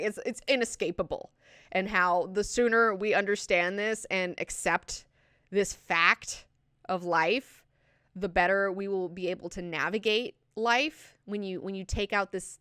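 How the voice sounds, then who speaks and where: A woman's voice: on the low side, fairly bright tone, smooth, dry recording, clean studio sound. A young woman hosting a book club, chatting casually and animatedly, swearing freely and acting out characters as she goes. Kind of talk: casual book discussion with read-aloud quotes.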